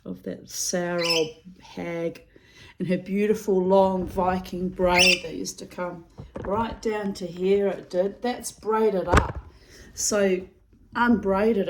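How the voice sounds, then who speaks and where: A woman's voice: on the low side, heavy background noise. A woman doing her daily readings, talking in a rambling, digressive way, swearing freely and laughing often. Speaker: reader giving daily readings. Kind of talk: rambling casual monologue.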